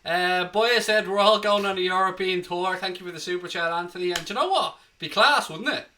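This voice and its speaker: A man's voice: high voice, brisk, sharp tone. An Irish man hosting a live football watchalong, chatting cheekily and reading out viewer comments. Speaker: host.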